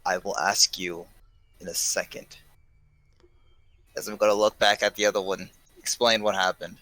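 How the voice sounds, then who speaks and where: A man's voice: deep voice, level tone, normal speed, pushed and bright, dry recording, poor audio. A man playing a tabletop game, speaking curtly and taking charge of the scene. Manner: curt, commanding in character. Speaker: player. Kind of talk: tabletop role-play.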